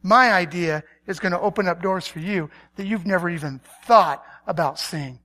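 A woman preacher voicing God as a calm, commanding male deity, firm and reassuring. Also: on the low side, normal speed, pitched below the performer's own voice.

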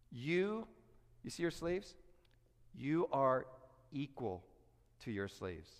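A man preaching a sermon, animated and lively, acting out quoted voices as he teaches. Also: on the high side. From United States. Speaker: pastor. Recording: echoey hall reverb.

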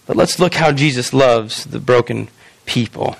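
A male pastor preaching a sermon in a church, animated and often acting out quoted voices. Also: medium pitch, unhurried, gravelly, dry recording.

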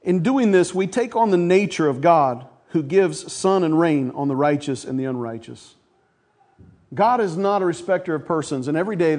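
A man's voice: a little high, darkish tone. A man preaching a sermon to his church, folksy, calling the congregation folks and asking for amens. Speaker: pastor.

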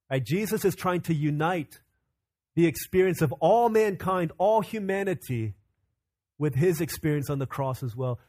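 A young man preaching a sermon, rising to loud, urgent questions and then dropping to soft, hushed lines. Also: on the high side, no room sound, rough recording. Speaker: pastor.

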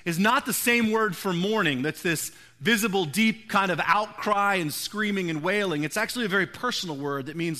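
A man's voice: a little high, pushed and bright. A man preaching a sermon, retelling a scripture story in casual, conversational paraphrase. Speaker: pastor.

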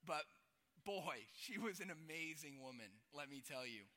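Young male pastor, sharp bright tone, chatty asides, big reverberant sanctuary. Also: on the high side, expressive, unhurried. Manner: builds from quiet to a loud climax; conversational with asides like "right?". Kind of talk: sermon. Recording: long hall reverb.

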